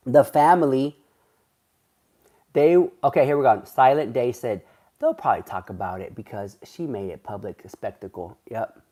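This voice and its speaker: Chatty gossipy man live-streaming. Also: mid-range voice. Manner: chatty and gossipy, drawn-out rambling asides. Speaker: livestreamer reading chat. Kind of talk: casual livestream chat.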